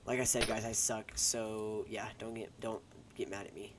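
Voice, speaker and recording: A man's voice: lowish voice, flat delivery, normal speed, fairly bright tone. Rambling young man on a headset. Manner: rambling, self-deprecating, joking asides. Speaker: gaming YouTuber. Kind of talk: casual gameplay commentary. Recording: noisy home recording with keyboard clicks.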